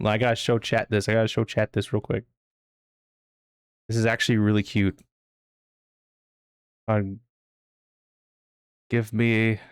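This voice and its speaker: A man streaming a game, chatting casually with his chat, excitable and swearing loosely. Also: fairly low pitch, clean tone, dry recording, studio quality. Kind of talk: casual live-stream chat over gameplay.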